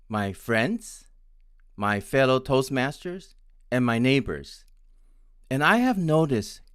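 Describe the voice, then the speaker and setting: A man in his sixties from Taiwan, teaching English pronunciation. He talks very slowly and deliberately, spells words out letter by letter and repeats each one. His voice sits at an ordinary pitch and sounds dry and close. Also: no echo. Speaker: English speaking coach. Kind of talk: scripted lesson.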